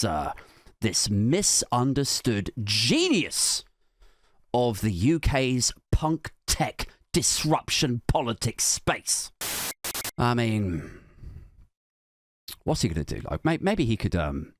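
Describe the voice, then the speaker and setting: A man hosting a comedic political rant, sardonic and sweary, with a mocking edge to every line. His pitch swings a lot as he talks, and the sound is dry and close to the mic. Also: dry recording. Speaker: comedian host.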